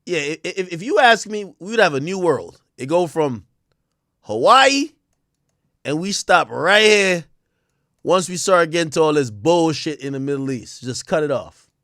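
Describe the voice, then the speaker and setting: A man hosting a livestream, riffing casually in a loose, profane way with sudden loud outbursts. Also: fairly high pitch, lively intonation, moderate pace, dry recording, clean studio sound. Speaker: livestream host.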